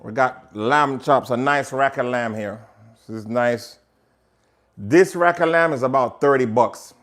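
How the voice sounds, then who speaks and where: A man with a Jamaican accent hosts a relaxed cooking demo from his home kitchen. He chats directly to his viewers as he works, in an easygoing, talkative manner. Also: medium pitch, measured pace. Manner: chatty, talks straight to viewers. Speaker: cooking show host. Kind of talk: casual cooking demonstration.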